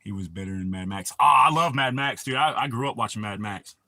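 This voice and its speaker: A man's voice: mid-range voice, quick pace, sharp tone, dry recording. A man, hosting a casual livestream and rambling crudely with a lot of swearing. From United States. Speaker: livestream host.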